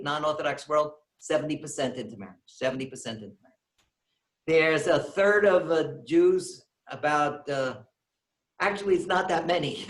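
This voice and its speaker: A slightly high-voiced man gives a lecture in a synagogue hall, animatedly recounting a funny story, voicing each character, and laughing at his own jokes. The recording is rough, with an echoey room.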